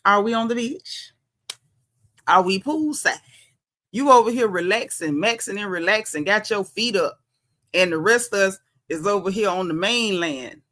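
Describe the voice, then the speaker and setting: A woman with a Southern US drawl hosts her livestream, chatting casually and sassily with her viewers. Her voice is bright and forceful, with a medium pitch, and she calls out commenters by name between opinions. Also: normal speed. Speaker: livestream host.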